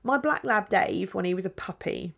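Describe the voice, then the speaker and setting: A woman's voice: medium pitch, lively intonation, moderate pace, creaky, fairly bright tone. A middle-aged woman hosting a podcast as a dog trainer, talking casually with fillers and small laughs. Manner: chatty, with fillers and little laughs. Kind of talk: casual solo podcast talk.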